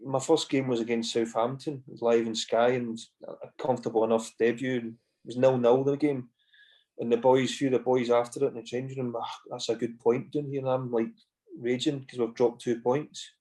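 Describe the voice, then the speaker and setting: A man's voice: mid-range voice, level tone, a little fast, a little mellow. Scottish man telling rambling anecdotes. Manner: rambling anecdotes with frequent "you know" and swearing. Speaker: podcast guest, former footballer. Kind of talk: casual storytelling chat.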